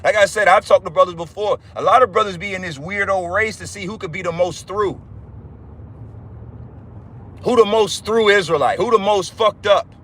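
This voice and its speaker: A man's voice: high voice, bright, forceful tone, husky. A man preaching fervently on a livestream, repeating himself, swearing and calling his listeners brothers. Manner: fervent, repetitive, profane, addresses listeners as brothers.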